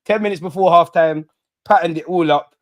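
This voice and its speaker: A young man hosting a live football watch-along, blunt and slangy, chanting and shouting when his team scores. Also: on the high side, fairly quick, no room sound.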